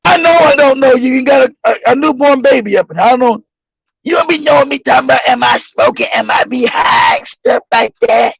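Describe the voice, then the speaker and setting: Wanted: a man putting on a whiny, evasive young woman who rambles in circles, high and raspy. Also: fairly quick, fairly bright tone, no echo, exaggerated voice. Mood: defensive. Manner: mumbling, repetitive, whiny. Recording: dull lo-fi recording.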